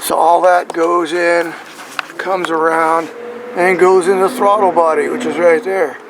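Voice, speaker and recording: A man's voice: on the high side, flat delivery, unhurried, background noise. A man casually explaining his truck engine while working on it, rambling and often checking in with "right?".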